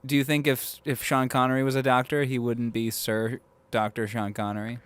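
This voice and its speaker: A man's voice: medium pitch, little pitch movement, normal speed, a bit bright, clean tone. A man co-hosting a film podcast, reading out a plot summary and teasing his friends in a mock-offended way. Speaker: podcast co-host.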